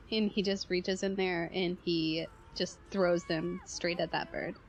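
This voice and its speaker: Woman player kinda thinking out loud, low-ish voice, faint hiss. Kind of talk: tabletop role-play.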